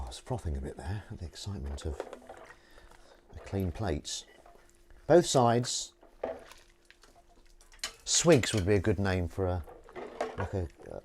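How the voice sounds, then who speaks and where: A man hosts a casual livestream from his home kitchen, washing up while he chats and jokes with viewers. His voice is low and a little mellow, and he rambles chattily with jokey asides. Dishes and cutlery clink and water splashes in the background.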